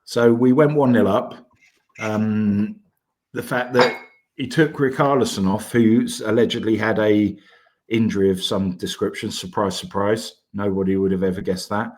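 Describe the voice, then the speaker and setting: A man's voice: on the low side, steady tone, moderate pace, a little mellow. A man from Bedfordshire co-hosting a football podcast, blunt, exasperated and crude. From Bedfordshire, England. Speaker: podcast co-host. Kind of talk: casual football podcast chat.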